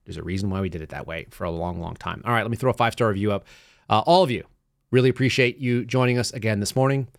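A male podcast host talks in a quick, offhand way and laughs now and then at his own stories. His voice sits a bit low, and the studio sound is dry and close. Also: creaky, no echo. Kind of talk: casual talk show monologue.

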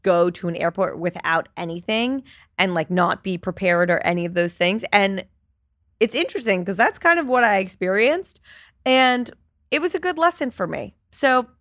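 A woman's voice: medium pitch, fairly bright tone, no room sound, studio quality. A woman in her thirties hosting a solo podcast, telling a story in a candid, chatty way and swearing freely. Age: 30s. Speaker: podcast host.

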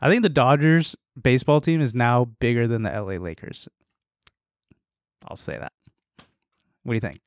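Relaxed young man, offhand podcast chat. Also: mid-range voice, moderate pace, pauses often, no room sound, studio quality. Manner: relaxed, offhand, makes teasing predictions. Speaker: podcast co-host. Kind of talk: casual chat.

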